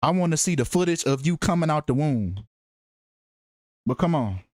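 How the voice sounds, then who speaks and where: A man talks through a casual, profane commentary in a slangy, emphatic way, often repeating a phrase to drive it home. His voice sits somewhat high for a man, and the sound is dry and close with no room echo. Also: animated, moderate pace. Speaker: true-crime numerology commentator.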